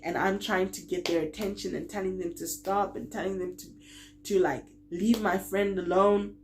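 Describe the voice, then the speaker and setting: Young woman vlogger, lowish voice, lively storytime telling, acts out the dialogue. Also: vocal fry, a little hiss or hum. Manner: animated storytelling, acting out quoted lines; laughs while telling. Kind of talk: storytime vlog.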